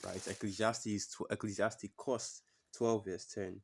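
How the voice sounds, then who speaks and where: Lowish voiced guy doing religious commentary, swears a lot, repeats himself to hammer a point. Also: normal speed. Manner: blunt and profane, repeats phrases for emphasis. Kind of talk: religious commentary with scripture readings.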